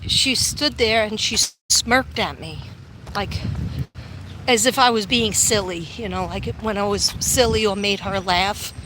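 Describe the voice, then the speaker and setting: Chatty woman vlogger, meandering outdoor walk-and-talk into a phone, light traffic hum. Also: medium pitch. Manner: rambling, chatty storytelling with many ums. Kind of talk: casual walking livestream chat. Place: outdoors, walking in sun.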